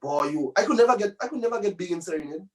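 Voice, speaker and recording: Male musician guest with a high voice, loose chatty storyteller, recorded a bit far from the mic. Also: expressive, racing. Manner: loose, rambling, with many tag phrases. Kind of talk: casual storytelling interview.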